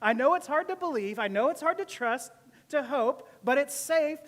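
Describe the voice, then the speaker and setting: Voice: sits high, expressive, moderate pace. Give me God reassuring Noah, earnest and a bit raised, acted by a preacher, in a reverberant hall.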